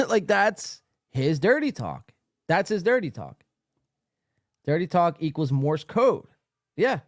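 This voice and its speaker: A male podcast host giving loud, profane, mocking commentary on a live stream, laughing often, tired late at night. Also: fairly high pitch, very animated, slow pace, long pauses, no echo, studio quality.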